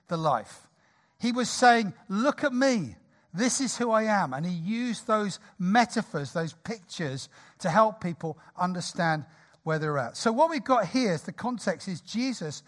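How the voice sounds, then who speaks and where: A man in his sixties preaching a sermon in a church, lively, jokey and conversational. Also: sits high. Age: 60s.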